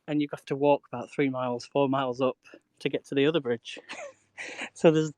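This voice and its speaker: A man's voice: medium pitch, fairly even intonation, brisk, darkish tone, no room sound. Chatty man streaming outdoors. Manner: chatty, greets viewers and laughs often. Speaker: live streamer. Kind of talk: casual live-stream chat while walking. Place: outdoors on a canal towpath.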